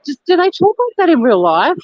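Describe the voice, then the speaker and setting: An Australian woman chatting casually on a live stream while walking on a beach, blunt and quick to swear and laugh. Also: very high-pitched, very animated, dry recording, dull audio. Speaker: vlogger. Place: outdoors on a beach.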